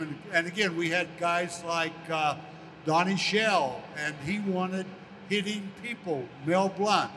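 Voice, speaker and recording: An older American man recounts his career with animated relish, slipping into the voices of the people he quotes. His voice sits high and bright. The room adds a long reverb tail, and a faint background hum runs beneath it. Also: a little slow. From United States. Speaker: interview guest, former pro football player. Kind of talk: storytelling in a casual interview.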